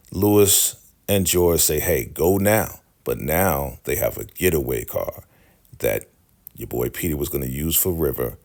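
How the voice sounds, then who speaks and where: A man casually recapping a TV episode, retelling scenes in quick paraphrased quotes. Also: very deep voice, a little mellow. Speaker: recap host.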